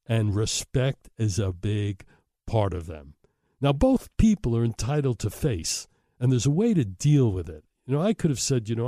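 A man's voice: medium pitch, warm tone, dry recording, clean studio sound. A middle-aged man, a host telling a story in a wry, self-deprecating way. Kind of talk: storytelling monologue.

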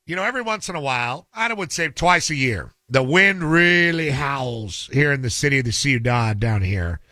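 Middle-aged guy on radio banter, grumbly and dry, bright voice, lots of up and down. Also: mid-range voice, lively intonation, normal speed, no echo. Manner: grumbling, dry, self-described cranky. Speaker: radio show host. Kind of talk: casual on-air banter.

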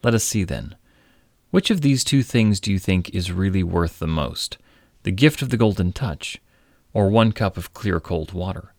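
A man voicing a calm, wise magical stranger who asks measured, probing questions in a storybook reading. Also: low voice, creaky, dry recording, clean studio sound.

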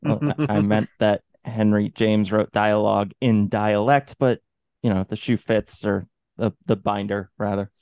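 Man, podcast co-host, wry, deadpan quips, casual chat. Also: on the low side, unhurried, clear, resonant tone, no echo, muffled recording. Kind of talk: casual movie recap chat.

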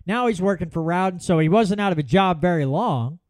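A man hosts his podcast alone. His voice sits high and swings widely as he spins folksy stories, and the sound is dry and close. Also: a little fast, no echo. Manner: folksy, animated storytelling with repeated restarts. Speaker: podcast host. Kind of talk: solo political commentary.

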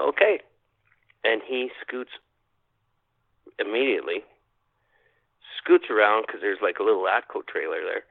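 A low-voiced man from Canada tells his story with animation, acting out his own thoughts and repeating words for effect. The sound is dry and tinny, like a phone line. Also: creaky, dry recording. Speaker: podcast guest. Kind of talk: telling a personal encounter story.

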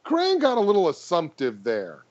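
Wry, animated man on a dull line. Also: high voice, normal speed. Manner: joking, wry, playful. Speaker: podcast guest. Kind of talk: casual chat. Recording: dull lo-fi sound.

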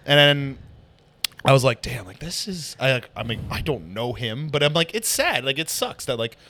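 A comedian guest telling animated stories in a casual podcast chat, with frequent swearing. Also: male voice, medium pitch, normal speed, slight background noise. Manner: animated storyteller, swears a lot.

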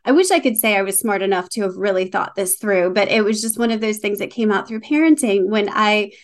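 A woman's voice: medium pitch, brisk. A middle-aged woman, an author chatting as a guest on a video call and laughing often. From North Carolina. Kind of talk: casual interview chat.

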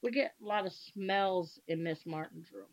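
A woman's voice: medium pitch, moderate pace. A woman paranormal investigator explaining her methods in a plain, matter-of-fact way during a casual chat. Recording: dull lo-fi sound.

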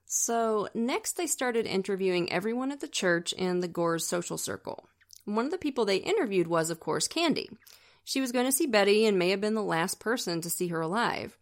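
A woman's voice: mid-range voice, expressive, brisk. A woman co-hosting a true-crime podcast, telling the story in a casual, chatty way with wry asides. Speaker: podcast co-host.

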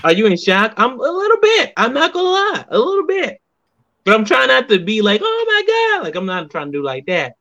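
A man with a bright, forceful voice that sits a little high tells stories from behind the scenes in wrestling. He is animated, jumps into other people's voices for quotes and swears freely. The recording sounds dull and lo-fi. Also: fairly quick. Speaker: wrestler guest. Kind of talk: casual interview storytelling.

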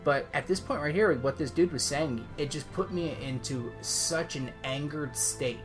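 A man's voice: on the high side, normal speed. Man, podcast co-host, heated storyteller, faint music behind. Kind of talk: casual storytelling chat.

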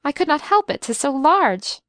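Woman playing young girl, eager, adoring, emphatic, high and bright, storybook voice, dry sound. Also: very animated, normal speed, no echo. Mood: eager girlish. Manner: breathless, emphatic.

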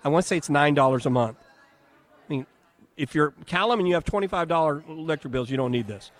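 A man's voice: fairly high pitch, quick pace. A man hosting a live radio talk show from a home and garden show, chatting, joking and reading ads.

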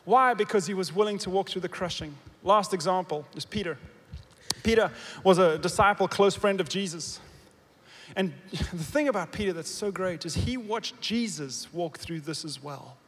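A man preaching a sermon, swinging from loud emphatic bursts to quiet low asides and asking the congregation questions. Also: moderate pace, husky. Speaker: pastor. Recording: long reverb of a big hall.

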